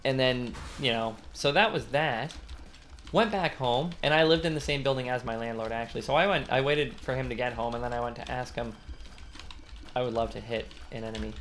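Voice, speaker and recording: A man's voice: medium pitch, fairly quick, slight background noise. Rambling young man telling a story. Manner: rambling, animated storytelling with sudden outbursts at the game. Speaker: gaming commentator. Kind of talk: casual let's-play storytelling.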